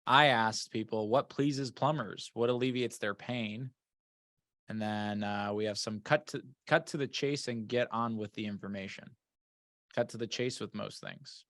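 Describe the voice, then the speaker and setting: A man co-hosting a webinar, reading out chat comments in a relaxed, joking way. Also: fairly low pitch, measured pace, no echo, studio quality. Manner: relaxed, reads out comments, jokes dryly. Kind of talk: casual webinar banter.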